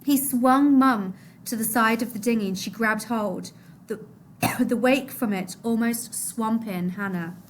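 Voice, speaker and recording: Slow, expressive woman reading a novel aloud. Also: a little hiss or hum. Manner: expressive, dropping low and soft at sad moments.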